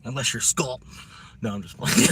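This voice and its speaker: A man's voice: medium pitch, noisy background. A man chatting casually on a live stream, rambling in a laid-back way.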